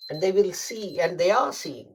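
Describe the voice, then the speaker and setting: A man delivering a Friday sermon, emphatic and deliberate, repeating phrases for stress. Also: high voice, animated, noisy background. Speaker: preacher.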